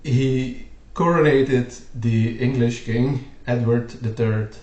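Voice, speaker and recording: Slow-talking man explaining history. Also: medium pitch, fairly even intonation, a little mellow. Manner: rambling, lots of fillers. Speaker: video host. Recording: roomy echo.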